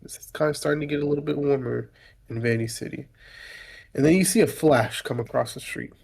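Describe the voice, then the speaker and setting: Relaxed man narrating as game master. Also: a little high, brisk, gravelly. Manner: relaxed, describing scenes to players.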